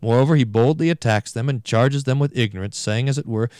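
A man reading a sermon aloud in a measured, emphatic way, slowing down for Latin phrases. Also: mid-range voice, darkish tone, clear, resonant tone, no room sound, studio quality. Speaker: reader.

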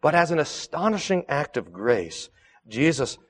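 A male pastor preaching a sermon in a church, earnest and emphatic, swinging between strong declarations and soft, quiet lines. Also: a little high, big pitch swings, a little slow, long reverb tail. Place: church sanctuary.

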